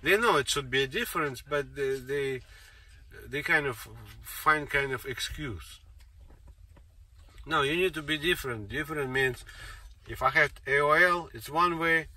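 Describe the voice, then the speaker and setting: A man's voice: fairly high pitch, measured pace, sharp tone. A man talking in an insistent, rambling monologue, repeating himself and circling back to the same points. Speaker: speaker giving a monologue. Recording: distant mic with faint noise.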